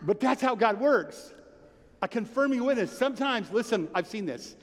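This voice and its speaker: A man preaching a sermon with earnest, animated delivery and many rhetorical questions. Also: sits high. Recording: long hall reverb.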